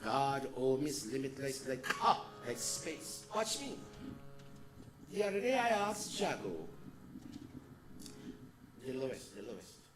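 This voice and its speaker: A man giving a devotional sermon as a spiritual teacher, swinging between loud exhortation and soft, slow murmurs. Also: mid-range voice, sing-song, over music.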